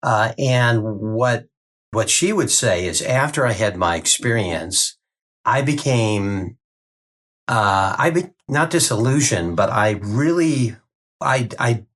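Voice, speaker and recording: A man speaking as an interview guest, giving earnest testimony in a halting way with frequent restarts. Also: medium pitch, animated, a bit bright. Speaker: guest sharing a near-death experience.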